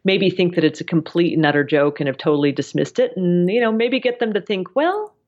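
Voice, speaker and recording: A woman journalist, a guest on a podcast, explaining her work in a friendly, lively way. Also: lowish voice, fairly quick, dull audio. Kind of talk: casual interview chat.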